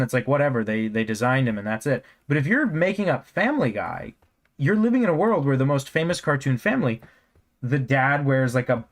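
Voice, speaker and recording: A man chatting casually while drawing on a live stream, rambling with jokey self-mocking asides and a scratchy throat. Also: medium pitch. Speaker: cartoonist streamer.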